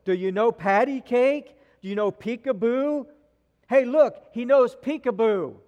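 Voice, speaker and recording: A man voicing a drunk old man who shouts playfully at a baby across a restaurant, in a reverberant hall. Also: very high voice, unhurried, dull audio, voice pushed up. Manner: loud, teasing calls across a room.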